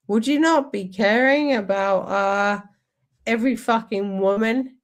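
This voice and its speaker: Woman streamer, sweary sarcastic rant, slow delivery. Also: mid-range voice. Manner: angry, sweary, sarcastic ranting. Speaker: streamer reacting to a speech. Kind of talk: ranting commentary over a played clip.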